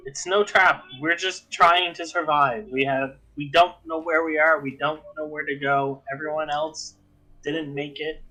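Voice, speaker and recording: A man's voice: a little high, fairly even intonation, unhurried, bright, forceful tone, poor audio. A man playing his character in a tabletop game, earnest and pleading. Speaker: player.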